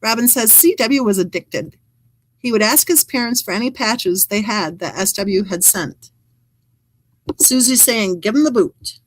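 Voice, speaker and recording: A woman's voice: medium pitch, animated, a little slow, poor audio. A woman hosting a true crime channel, reading live chat comments aloud and adding wry, chatty asides.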